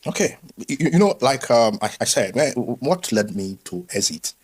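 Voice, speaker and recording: A man, a former pastor, telling his story candidly in an interview with lively quoted voices. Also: medium pitch, normal speed, slightly rough. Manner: animated storytelling, acts out quoted voices, frequent restarts.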